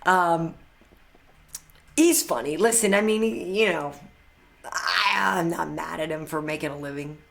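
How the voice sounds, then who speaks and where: This is a woman hosting a live chat with fans, reading and answering their questions as they come in. She sounds relaxed and talkative, with frequent laughs and trailing fillers, and her voice sits slightly low for a woman. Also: a little slow, gravelly, pauses often. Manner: chatty and upbeat, laughs often, trails off with fillers. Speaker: host of a live fan chat.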